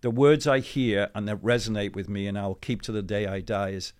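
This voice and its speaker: A middle-aged man, a guest in an interview, telling anecdotes in a chatty, animated way with many asides. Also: lowish voice, fairly quick, few pauses. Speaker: interview guest, former football club CEO. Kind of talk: conversational storytelling.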